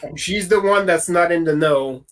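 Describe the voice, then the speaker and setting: A man as game master, narrating a tabletop game over a voice call in a relaxed way with many pauses and ums. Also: on the high side, low-quality recording.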